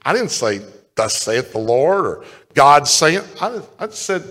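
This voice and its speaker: A male pastor preaching a sermon. He tells stories and swings from loud calls to the congregation to hushed retellings. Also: a little high, very animated, measured pace. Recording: long hall reverb.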